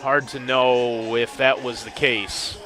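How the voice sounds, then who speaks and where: A man doing play-by-play commentary on a football game, with a bright, forceful voice. He mixes quick calls of each play with dry, wry remarks about the confusion on the field. Faint music sits behind him. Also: medium pitch, flat delivery. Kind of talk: sports commentary.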